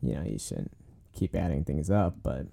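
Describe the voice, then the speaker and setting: Young man, co-host; very deep and dark, rambling and filler-heavy. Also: expressive, normal speed, gravelly. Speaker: podcast co-host, nursing student. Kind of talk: casual chat.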